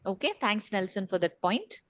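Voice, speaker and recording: A woman's voice: mid-range voice, sing-song, normal speed, a bit bright, no echo. A woman trainer leading an online session, repeating key points and asking the group questions. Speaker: corporate trainer. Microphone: video call.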